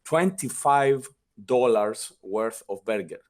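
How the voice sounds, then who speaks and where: A man's voice: medium pitch, slow pace. A young man with a European non-native English accent, a guest telling casual, profane stories in an interview and acting out the people he quotes. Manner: profane, animated anecdote telling with acted quotes. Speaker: guest, former guild leader.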